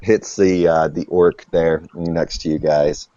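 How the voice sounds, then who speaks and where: Man game master, very deep voice, slow delivery, dry dull voice-call sound. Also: fairly even intonation, warm tone, dry recording. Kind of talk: narrating a tabletop game online.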